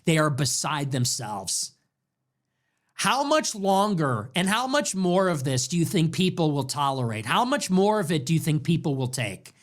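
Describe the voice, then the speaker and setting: Speaking at normal speed in a sing-song voice on the high side, a young adult man hosts a political show. His monologue is a heated rant, stacked with repeated rhetorical questions.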